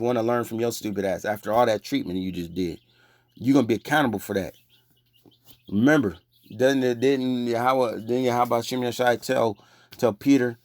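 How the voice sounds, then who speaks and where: A man preaching a heated, profane rant, scolding his listeners in a confrontational way. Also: no echo. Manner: gets louder and higher when agitated. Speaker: online religious preacher.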